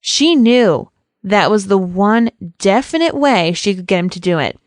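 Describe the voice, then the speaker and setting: A woman's voice: mid-range voice, expressive, a little slow, dry recording, studio quality. A woman co-hosting a podcast, chatting casually and laughing often as she reads listener feedback. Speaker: podcast co-host.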